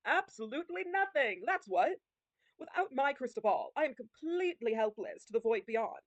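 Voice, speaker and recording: A woman doing a flamboyant fortune teller, pitched up high and louder than her usual talk, every line a big theatrical flourish. The voice is dry and close, with no room around it. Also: lively intonation, normal speed, dry recording, highs cut off. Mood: dramatic. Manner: grand, showy delivery.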